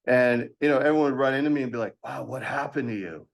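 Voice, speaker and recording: Man telling a lively story. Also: mid-range voice, quick pace, creaky. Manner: animated storyteller acting out quoted voices with laughs. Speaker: podcast guest. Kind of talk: storytelling in a casual interview.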